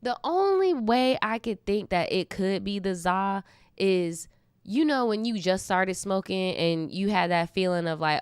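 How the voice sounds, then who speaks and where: A woman's voice: mid-range voice, measured pace, clean tone, no room sound, studio quality. A young adult woman hosting a casual storytime, reacting with slangy, candid commentary and laughing asides. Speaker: storytime host.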